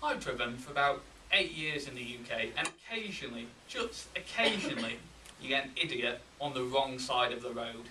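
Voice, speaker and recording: A man with a Yorkshire accent giving a humorous contest speech, with deadpan timing and pauses for laughs. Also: mid-range voice, slight background noise. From England. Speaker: contest speaker. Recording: roomy hall, mic from a distance.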